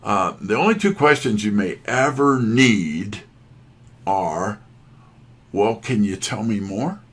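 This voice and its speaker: Husky low-voiced man telling sales stories. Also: animated, slow. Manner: folksy, self-deprecating anecdotes. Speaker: sales trainer. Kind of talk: storytelling talk.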